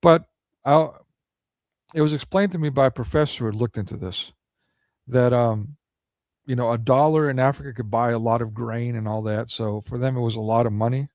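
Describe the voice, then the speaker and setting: A man's voice: mid-range voice, normal speed, a little mellow, dry recording. A man delivering a ranting monologue of political commentary, indignant and full of rhetorical questions.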